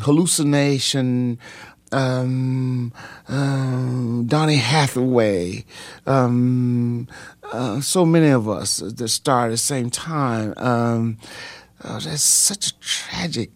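A pastor and singer telling his story in a radio interview, animated and repetitive, with many pauses and ums. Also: mid-range voice, no echo.

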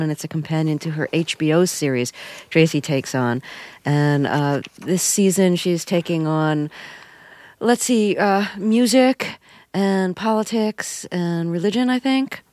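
A woman hosting an interview, asking calm, measured questions. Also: fairly low pitch, no echo. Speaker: interviewer host. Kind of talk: radio interview.

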